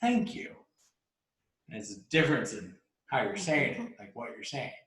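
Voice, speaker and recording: A podcast host casually tells a long, rambling story full of restarts, laughs and swearing. His medium-pitched voice is animated, fairly quick, bright and forceful. It is recorded on a laptop mic in an echoey room.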